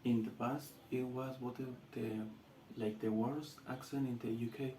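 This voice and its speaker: A man with a Latin American Spanish accent, a student giving a class presentation in halting English with restarts. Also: medium pitch, fairly even intonation, warm tone, roomy sound, a little hiss or hum, low-quality recording.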